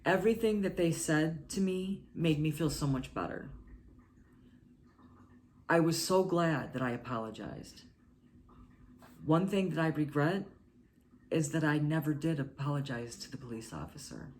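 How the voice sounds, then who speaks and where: A woman's voice: sits low, a little mellow. Earnest woman in a noisy recording. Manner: halting, earnest, short broken phrases. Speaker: vlogger. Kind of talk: confessional talk to camera.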